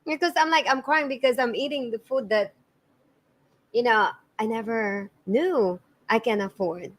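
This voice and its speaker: A woman's voice: a little high, unhurried. Filipino woman telling her life story. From Philippines. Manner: earnest, tumbling restarts and repeated words. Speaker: podcast guest. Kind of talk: emotional storytelling in conversation.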